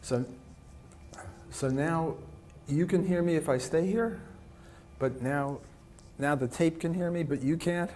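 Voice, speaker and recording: A man with a weak, soft voice giving a classroom economics lecture, often stopping to restart and rephrase as he walks around the room. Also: fairly high pitch, slight background noise. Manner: halting, often restarts and rephrases mid-sentence. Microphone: recorder clipped on, kept in pocket.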